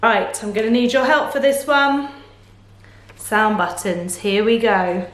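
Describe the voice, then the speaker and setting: A woman teaching phonics to young children in a slow, encouraging, sing-song manner, asking lots of questions. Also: fairly high pitch, fairly bright tone, roomy sound. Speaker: primary school teacher.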